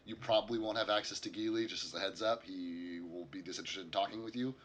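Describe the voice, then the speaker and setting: Deep-voiced game master narrating. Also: male voice, fast talker, fairly bright tone, a little hiss or hum. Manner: hesitant narration with many fillers and restarts.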